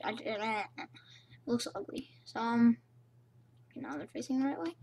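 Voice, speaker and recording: A young woman with a slightly high voice rambles playfully through her gameplay, talking half to herself. The sound comes from a cheap, low-quality microphone. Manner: rambling, playful, self-chatting. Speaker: gamer. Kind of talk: casual game commentary.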